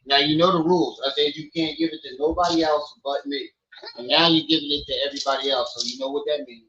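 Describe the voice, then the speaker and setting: Male streamer on daddy duty, bright ringing tone, a bit high, dull lo-fi stream audio. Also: fast. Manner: loud playful teasing with his kids, then relaxed talk. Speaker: live stream host. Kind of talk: casual live stream chat. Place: at home with children.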